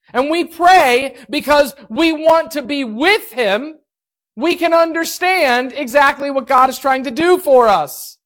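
A man pastor preaching a sermon, telling a story in an animated and self-mocking way. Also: extremely high pitch.

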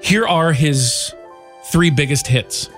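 A man hosting a radio morning show, casually telling an animated story about his neighbor. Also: fairly high pitch, slow, soft background music.

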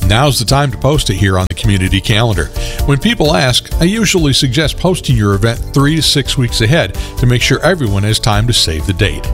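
A man's voice: medium pitch, a bit bright. Male radio announcer reading a notice. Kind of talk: scripted community announcement.

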